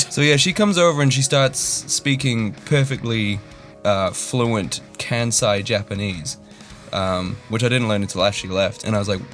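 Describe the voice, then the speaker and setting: A man's voice: mid-range voice, fairly bright tone. A young man telling a story in a rambling, self-deprecating way, full of fillers and restarts. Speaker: YouTuber. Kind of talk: casual storytelling.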